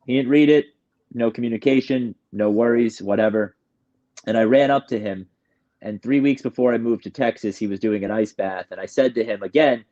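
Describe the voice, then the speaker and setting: A guest from New York speaks briskly in a warm voice on the low side, describing his recovery candidly and emotionally. His telling rambles, with many sentences started over, on a muffled recording.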